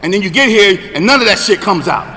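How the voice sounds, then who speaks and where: A man in his sixties sharing his recovery story at a meeting, talking conversationally and checking in with the room, getting louder and emphatic on key points. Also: sits high, lively intonation, fast, in a large hall. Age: 60s. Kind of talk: personal recovery share.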